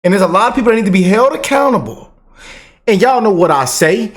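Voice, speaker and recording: A man hosting a reaction channel, talking casually and excitedly to his viewers in fast bursts. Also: high voice. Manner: excited, animated, talks fast in bursts, drawls slow commands. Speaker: commentary channel host.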